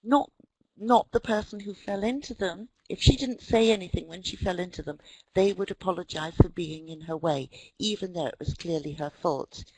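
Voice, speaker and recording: A woman's voice: fairly low pitch, normal speed, a little mellow, husky, rough recording. A middle-aged British woman with a British accent, giving a wry, anecdotal webinar lecture on language with frequent ums. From Britain. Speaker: webinar presenter, English teacher trainer.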